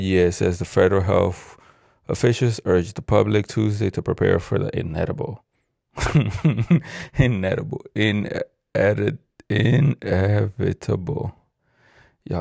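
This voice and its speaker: Philly guy ranting, super low gravelly voice, cusses a lot, trips over words, dry close mic. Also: dark tone, dry recording. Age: adult with a child. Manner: profane, rambling, stumbles over words while reading. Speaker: vlogger. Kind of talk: casual ranting monologue.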